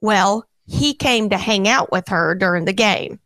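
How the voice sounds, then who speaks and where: A woman's voice: medium pitch, unhurried, no room sound. A woman in her thirties, a radio co-host, telling a rambling home story on air and acting out the voices in it. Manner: animated, acts out quoted voices, rambling.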